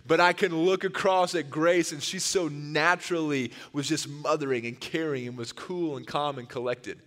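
A younger male pastor delivers a heartfelt sermon with a slightly raised pitch and an earnest, storytelling manner. His voice rolls out into a church sanctuary that holds a long reverb. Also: moderate pace. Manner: earnest and storytelling, given to animated retellings. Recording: long reverb of a large hall.

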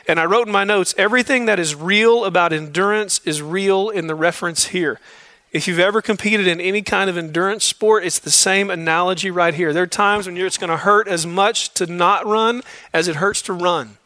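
Male Bible study leader, high and bright voice, exhorting sermon delivery, dry sound. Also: no echo. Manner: direct, exhorting, repeats key phrases. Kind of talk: sermon to a men's group.

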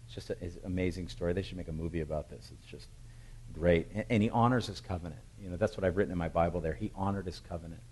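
A man preaching a sermon, retelling a Bible story with animated, emphatic storytelling. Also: deep voice, fast talker, breathy edge, low-quality recording. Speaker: pastor.

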